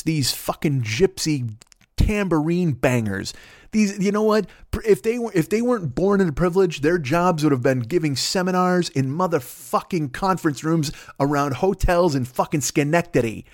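A man's voice: a little high, lively intonation, normal speed, dry recording, studio quality. A man hosting a comedy podcast, rambling through a profane, self-interrupting rant. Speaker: podcast host.

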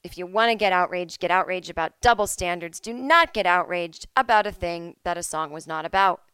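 Smooth-voiced woman chatting solo at home. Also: lowish voice, fairly quick, no echo. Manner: animated, sarcastic, rambling asides. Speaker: podcast host. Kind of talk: solo casual chat.

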